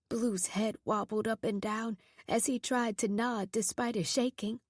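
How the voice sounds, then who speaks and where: A woman narrating a horror audiobook in a measured, steady storytelling voice. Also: on the high side, no echo, clean studio sound.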